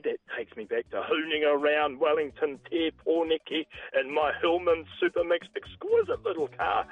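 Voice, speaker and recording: A New Zealand radio broadcaster with a New Zealand accent, talking in a gushing, theatrical way full of exclamations. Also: male voice, a little high, gravelly, rough recording. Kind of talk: comedic radio prank call.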